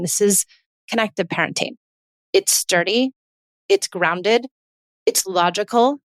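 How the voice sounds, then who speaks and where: A woman's voice: medium pitch, no room sound, studio quality. A woman, hosting a parenting podcast in an earnest, emphatic monologue that keeps repeating her points.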